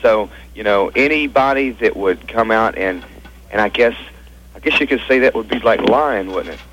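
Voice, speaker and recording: Halting, chuckling male radio caller. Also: lowish voice, fairly bright tone, lo-fi sound, a little hiss or hum. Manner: halting, full of fillers, chuckling. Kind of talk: radio call-in chat.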